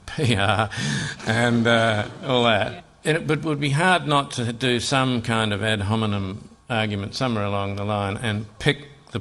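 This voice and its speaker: Dry, measured man with a low voice. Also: a bit bright. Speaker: satirist, guest. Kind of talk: live on-stage conversation. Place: stage before an audience.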